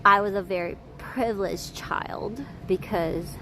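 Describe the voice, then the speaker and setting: A woman's voice: medium pitch, measured pace. A woman in her thirties from Taiwan with an American accent, chatting casually and laughing between swear-filled stories. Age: 30s. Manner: profane, laughing, chatty storytelling. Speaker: vlogger. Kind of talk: casual chat. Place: hotel, indoors. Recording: noisy background.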